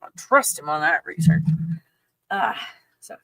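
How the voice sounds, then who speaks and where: A woman's voice: mid-range voice, big pitch swings, takes it slowly, long pauses, a bit bright, breathy edge, no echo. A middle-aged woman chatting casually on a livestream in a rambling way, laughing often and talking to her dog. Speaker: channel host.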